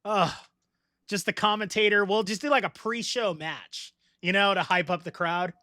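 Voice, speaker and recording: Man, middle-aged, podcast host, bright forceful tone, dry close sound, animated and swearing. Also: sits high, normal speed, no echo. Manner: animated, laughs a lot, swears freely. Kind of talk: casual chat.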